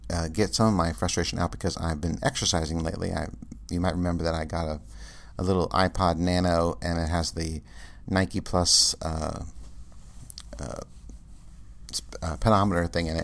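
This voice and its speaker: A man's voice: low-pitched, steady tone, moderate pace, vocal fry. A man rambling casually in a monologue, with many fillers and restarts, and ranting in exasperation.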